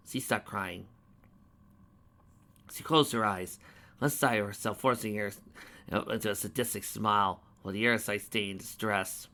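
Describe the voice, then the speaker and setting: Male narrator, bright and dramatic, fan fiction reading. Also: lowish voice, steady tone, normal speed, long pauses.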